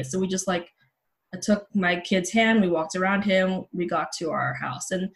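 A woman's voice: medium pitch, moderate pace, creaky. A woman in her thirties, a journalist guest on a podcast, recounting a personal story candidly with frequent casual fillers over a remote call. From Los Angeles.

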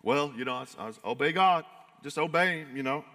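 A man's voice: a little high, bright, forceful tone. A preacher voicing an anxious, rule-bound male churchgoer who nags about obeying, praying and serving. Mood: nagging. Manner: nagging, scolding, rushed repetition.

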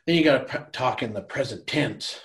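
A man's voice: mid-range voice, brisk, gravelly. A middle-aged man guesting on a podcast, telling stories in a rambling, casual way, laughing and swearing freely. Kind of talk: casual storytelling chat.

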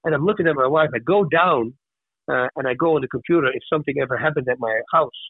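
A man's voice: medium pitch, fast, breathy edge, no echo. Guy telling wild stories, acts out all the voices, sounds thin like a phone line, dry. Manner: animated storyteller who acts out voices. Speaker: podcast guest. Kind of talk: casual storytelling.

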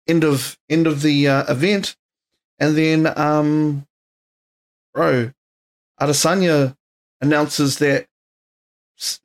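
A man with a New Zealand accent hosting a solo podcast, rambling and tired, full of slang, swearing and fillers. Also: fairly high pitch. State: tired, yawning. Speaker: podcast host. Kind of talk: casual solo podcast chat. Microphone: podcast microphone.

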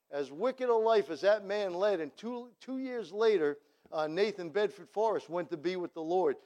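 A man's voice: high-pitched, a little mellow. A man delivers a sermon. He tells his story in a conversational way, then swells into emphatic calls to his listeners. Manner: storytelling, rising to emphatic appeals. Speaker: preacher.

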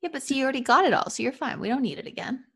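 A woman whose pitch moves a lot chats casually with her co-host. She responds in short, dry quips. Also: lively intonation, a bit bright, slightly rough. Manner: wry, quick interjections. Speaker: podcast co-host. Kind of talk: casual chat.

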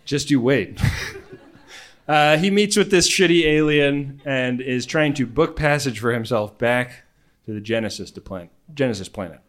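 A man's voice: mid-range voice, moderate pace. A man co-hosting a casual, comedic podcast, talking loosely and laughing often between jokes. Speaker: podcast co-host.

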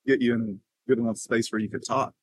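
A man's voice: medium pitch, little pitch movement, fast talker, no room sound, low-quality recording. A man co-hosting a podcast who talks in a joking, light-hearted way. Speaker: podcast co-host. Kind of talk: casual podcast conversation.

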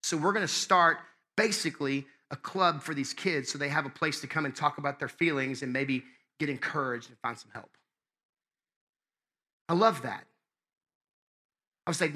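A man preaching a sermon as pastor, conversational and impassioned, swinging between loud and hushed. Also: fairly high pitch, normal speed, long pauses.

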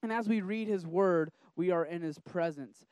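A young man giving a casual, animated sermon to a group, talking in a conversational way with many restarts. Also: high-pitched, moderate pace, smooth, no room sound. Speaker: preacher.

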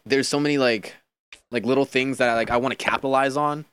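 A young man chatting casually as a guest, animated, with lots of filler words and quoted voices. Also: mid-range voice, quick pace, clear, resonant tone. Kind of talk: casual podcast chat.

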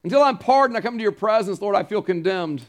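A man's voice: sits high, lively intonation, fast. A male pastor preaching a sermon, earnest and emphatic, repeating key phrases and turning to the congregation with casual asides.

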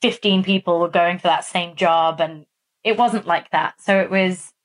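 A woman from Massachusetts with a somewhat low voice talks on a podcast. She tells stories in a casual, animated way and fills her speech with loose asides. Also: moderate pace. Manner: animated storytelling with many fillers. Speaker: podcast co-host. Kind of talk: casual chat.

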